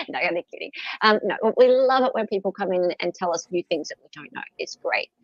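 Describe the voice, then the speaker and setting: A woman's voice: fairly low pitch, expressive, no room sound. Brief: Australian woman, live-stream co-host, chatty, laughs a lot, dull dry lo-fi sound. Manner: chatty, laughs often, halting restarts. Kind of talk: casual live-stream chat.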